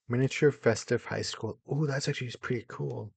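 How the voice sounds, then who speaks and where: A young man giving casual commentary as he builds in a video game, excitable, muttering to himself and then bursting into loud exclamations. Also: medium pitch, brisk, vocal fry, hardly any pauses, husky, no echo. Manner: excitable, talks to himself while building, jumps between mumbling and loud exclamations. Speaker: gaming YouTuber.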